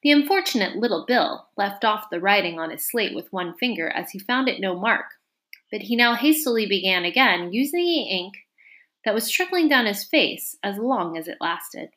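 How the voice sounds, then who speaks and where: A woman reading a classic storybook aloud in an expressive, animated narration. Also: mid-range voice, normal speed.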